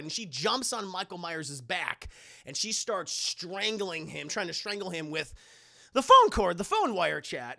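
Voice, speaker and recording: Animated gravelly streamer, swearing and laughing. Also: mid-range voice. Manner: profane, animated, laughs often. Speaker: streamer recapping a film. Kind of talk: casual storytelling to chat.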